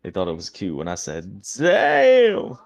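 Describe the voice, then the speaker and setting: A man hosting a live trading stream, talking through charts with excited, cussing commentary. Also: sits low, fairly quick, highs cut off. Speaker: livestream host trading. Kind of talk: casual livestream chat.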